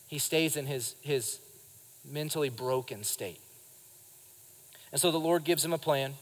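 A man preaching a sermon at a live church service, lively and speaking straight to the congregation. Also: a little high, measured pace, long pauses, long reverb tail. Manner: lively preaching, acts out quotes and addresses the congregation. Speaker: pastor.

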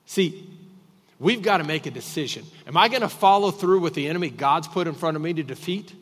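A man preaching a sermon as pastor, emphatic and repetitive, swinging between loud and quiet. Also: on the high side, animated, a little fast, in a large hall. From Texas.

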